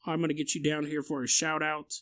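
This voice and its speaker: A man's voice: on the high side, flat delivery, quick pace, a bit bright. A man hosting a podcast live stream, chatting casually and rambling, laughing now and then. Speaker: podcast host.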